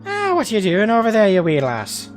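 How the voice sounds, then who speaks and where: A game streamer putting on an exaggerated stereotypical Irish man's voice, high and playful. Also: wildly swooping pitch, normal speed, soft background music. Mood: mock-dramatic. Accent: put-on stereotypical Irish. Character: stereotypical jolly Irish man.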